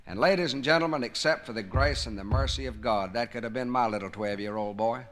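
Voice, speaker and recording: Bright, emphatic man giving a speech. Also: medium pitch, fairly quick. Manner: folksy, emphatic storytelling with jokes. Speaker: public speaker. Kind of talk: patriotic speech to a live audience. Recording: 1970s vinyl record of a live speech.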